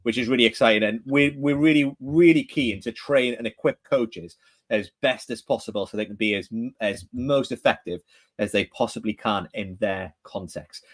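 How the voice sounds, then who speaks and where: A Geordie-accented man from northeast England, who is a podcast co-host and director of training, talks at a moderate pace in a mid-range voice. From a home room in England he keeps things chatty, peppering the casual conversation with questions and good-natured ribbing.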